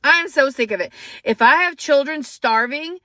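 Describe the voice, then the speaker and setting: Upset and shaking, a female social media commentator delivers a profane, emphatic, angry rant to the camera. Her voice sits high and is expressive and sharp, at normal speed with no echo.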